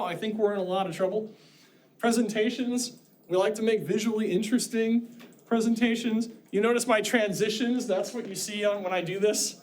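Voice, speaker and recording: A man's voice: high-pitched, a little fast. A middle-aged man teaching a college class, lecturing in a chatty way with joking asides. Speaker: college instructor.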